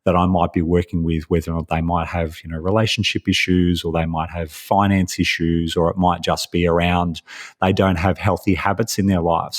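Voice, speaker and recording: An Australian man with a very low, deep voice talks as a guest on an interview podcast. He speaks in a friendly, loose way, with plenty of fillers as he explains his coaching work. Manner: friendly, rambling with many fillers. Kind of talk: casual interview talk.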